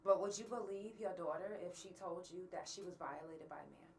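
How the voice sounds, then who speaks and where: Woman host, candid rant, heavy cursing, low-ish voice; faint background hiss. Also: fairly quick, gravelly, a little mellow, recorded from a distance. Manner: blunt, angry, swears often. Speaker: podcast host. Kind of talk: candid monologue to listeners.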